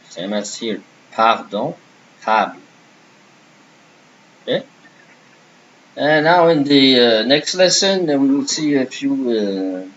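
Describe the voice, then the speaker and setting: A man's voice: lowish voice, fairly bright tone, highs cut off, slight background noise. A man teaching a beginner French lesson, patiently repeating and modeling each word.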